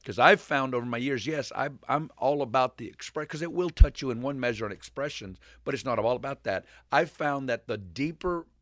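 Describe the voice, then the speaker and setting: A man in casual faith conversation, retelling a story as an animated storyteller who rambles and restarts. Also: mid-range voice, brisk, few pauses, no room sound, studio quality.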